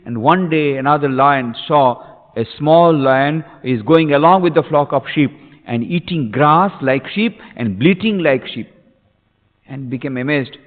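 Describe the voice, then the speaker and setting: A man's voice: a little high, measured pace. Give me a man delivering an impassioned spiritual sermon, with a tinny, phone-like sound and long hall reverb. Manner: impassioned, repeating phrases for emphasis. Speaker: monk giving a discourse. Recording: tinny recording in an echoey hall.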